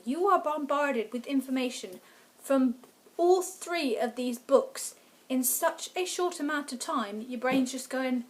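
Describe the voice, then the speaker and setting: A woman's voice: sits high, a little slow. A woman, chatting enthusiastically to camera as a book vlogger. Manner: enthusiastic, gushing fan talk. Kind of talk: casual review chat to camera.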